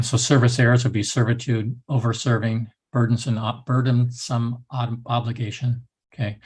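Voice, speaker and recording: A man's voice: mid-range voice, breathy edge. A man instructor giving a recorded lecture in a loose, rambling way with many restarts.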